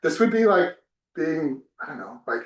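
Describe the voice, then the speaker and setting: A male professor from New Jersey tells classroom stories in an animated way, breaking off and restarting his sentences. His voice sits a little high for a man. The room around him is echoey. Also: moderate pace, muffled recording. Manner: animated storytelling with many restarts. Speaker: religion professor. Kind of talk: classroom talk with personal stories. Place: temple classroom.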